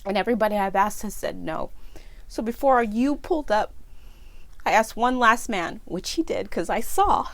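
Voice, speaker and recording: A woman's voice: mid-range voice, lively intonation, normal speed, dry recording. A woman from California telling a personal story to camera, growing emotional and tearful as she speaks, quoting her own thoughts aloud. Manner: emotional, breaks into tears and apologizes while telling the story. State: tearful, voice breaking. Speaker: nonprofit founder and vlogger.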